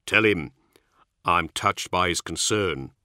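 A man doing a gruff deadpan soldier sergeant. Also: low-pitched, slow pace, no echo, studio quality, full character voice. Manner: deadpan growl. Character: gruff fatalistic male space marine sergeant.

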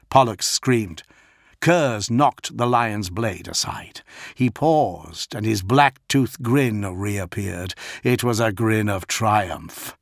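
Slow, gravelly male audiobook narrator. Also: lowish voice, dry recording, clean studio sound. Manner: measured, dramatic reading.

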